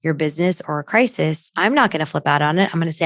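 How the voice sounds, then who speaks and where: A middle-aged woman, a podcast guest, talking bluntly and emphatically, with quick asides and acted-out quotes. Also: deep voice, animated, fairly bright tone, dry recording, clean studio sound. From United States. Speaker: podcast guest, crisis consultant. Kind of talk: candid conversational interview.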